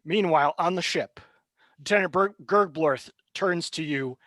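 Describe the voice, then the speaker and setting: A man narrating a tabletop game as game master, brisk and relaxed, with fillers. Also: a little high, dry recording.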